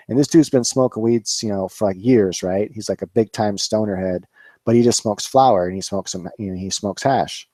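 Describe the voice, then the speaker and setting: A man in his forties hosts a loose live-stream chat, rambling with many fillers and frequent swearing. His voice sits low and dark. The room sounds dry and close. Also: normal speed, no echo. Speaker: cannabis grower, channel host.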